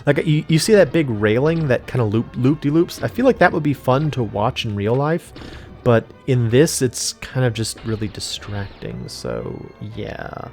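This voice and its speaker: A man talks casually over a video game, wandering off topic, forgetting what he was saying and filling gaps with ums and likes. His voice sits at an ordinary middle pitch. Soft game music plays faintly behind him. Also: very animated, normal speed. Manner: rambling, forgetful, many fillers. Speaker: let's play host. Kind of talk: casual gameplay commentary.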